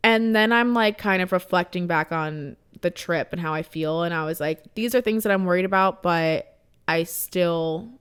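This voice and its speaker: Smooth-voiced young woman telling a story. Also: on the low side, moderate pace. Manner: animated storytelling, acts out quotes, swears freely. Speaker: podcast host. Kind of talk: casual chat.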